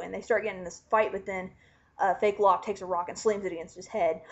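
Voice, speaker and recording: A woman giving an animated, casual spoken recap, chatty and swearing freely. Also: medium pitch, fairly quick. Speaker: vlogger recapping a TV finale. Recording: dull lo-fi home recording.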